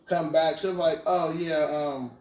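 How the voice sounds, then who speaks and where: On a roomy recording from a distant mic, a twenty-something podcast host retells a story casually in slang, often asking "you feel me." His voice is on the high side and darkish, with fairly even intonation and a measured pace.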